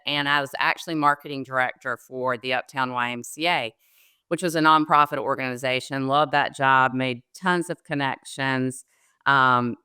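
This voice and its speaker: A woman's voice: a bass voice, sharp tone, clear, resonant tone, no room sound, studio quality. A middle-aged woman with a Southern American accent, telling her career story as an interview guest with plenty of ums. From Southern United States. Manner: chatty storyteller, frequent ums, laughs easily. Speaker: guest, loan officer. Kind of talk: conversational interview.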